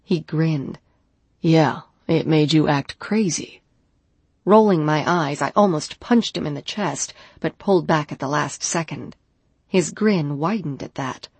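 A woman narrating a first-person romance audiobook in an intimate, measured way. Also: low voice, husky, no room sound.

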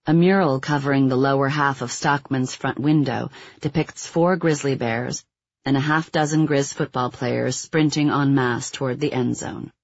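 A man narrating a nonfiction book in an even, measured scripted reading. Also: mid-range voice, no echo, dull audio. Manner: even, measured reading; quotes read with little acting. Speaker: audiobook narrator.

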